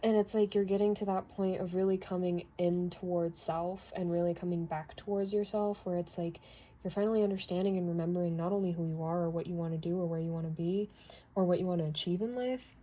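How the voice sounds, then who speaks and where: A woman's voice: lowish voice, steady tone, fast, warm tone. A woman doing a casual tarot reading who talks chattily, laughs often and drifts into asides. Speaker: tarot reader.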